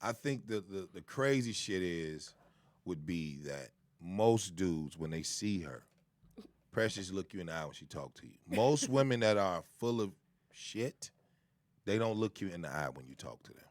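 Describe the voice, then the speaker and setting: Man, lowish voice, dry close sound, comedian guest, emphatic and chatty. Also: animated, normal speed, no room sound. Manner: storytelling, emphatic repetitions. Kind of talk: casual podcast banter.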